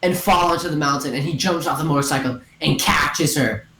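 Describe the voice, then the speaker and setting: A woman talks into a gaming headset at home, tumbling through a story in a giggly, rambling rush. Her voice sits a little low, and the sound carries a roomy echo. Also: a little fast, slight background noise. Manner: excitable, giggly, full of "and then" and "like". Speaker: storyteller among friends. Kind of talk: casual rambling retelling over voice chat.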